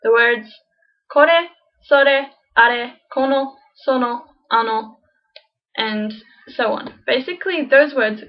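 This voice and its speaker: Woman, higher voice, casual teacher who repeats examples slowly; dull lo-fi home recording. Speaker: language teacher. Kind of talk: casual beginner lesson.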